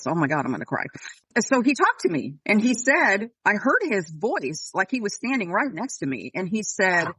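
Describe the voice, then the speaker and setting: A woman guest on a casual podcast, talking in an earnest, heartfelt way with halting restarts. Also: low voice, a bit bright, dry recording, poor audio.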